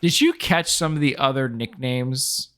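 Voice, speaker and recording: A man's voice: mid-range voice, a little slow, a bit bright, smooth. A man co-hosting a podcast, chatting casually about a movie, agreeing and laughing along. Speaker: podcast co-host.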